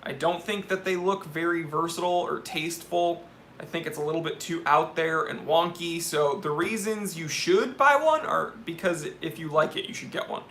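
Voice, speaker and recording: A man's voice: on the high side, normal speed, fairly bright tone, a little hiss or hum. A young man hosting a live watch Q&A stream, reading viewer questions and giving candid, joking opinions.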